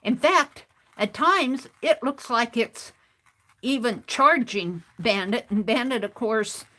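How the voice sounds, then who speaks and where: A woman's voice: on the high side, takes it slowly, sharp tone. A woman hosting a craft stream, telling a rambling, chatty story in a casual way and often restarting her phrases.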